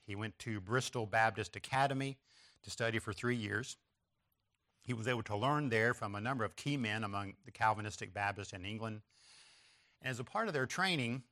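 A man's voice: medium pitch, bright, forceful tone. A man preaching a sermon, stressing key phrases with emphatic repetition and pointing listeners to an outline. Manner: references an outline and slides to listeners.

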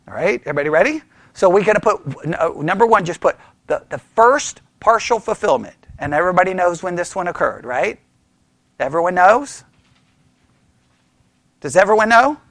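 High, lively male Bible study teacher. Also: normal speed, pauses often, no echo. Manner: animated, talks to the class with frequent "right?" checks; mimics opponents in mocking quoted voices.

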